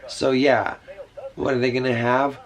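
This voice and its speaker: A man's voice: medium pitch, little pitch movement, a little slow, poor audio. A man rambling through a casual monologue to camera, meandering with many fillers and side remarks. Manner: meandering, full of fillers and asides. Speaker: vlogger. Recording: music playing behind.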